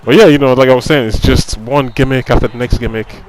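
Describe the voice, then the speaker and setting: A gaming commentator talks fast over his own football video game match, his medium-pitched voice keeping a fairly even intonation. He rants in a frustrated, conversational way, leaning on "you know" and repeating phrases. The audio quality is poor.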